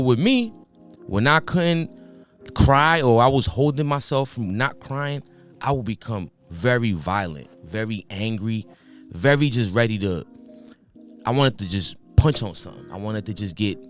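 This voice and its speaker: A man's voice: medium pitch, animated, measured pace, soft background music. A young man hosting a solo podcast, talking earnestly and passionately, firing off rhetorical questions and swearing now and then. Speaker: podcast host.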